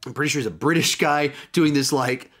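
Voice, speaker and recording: A man's voice: a little high, a little fast, fairly bright tone. Chatty man reviewing a film. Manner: chatty, loose, many restarts and "like" asides. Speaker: movie reviewer. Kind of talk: casual spoken film review.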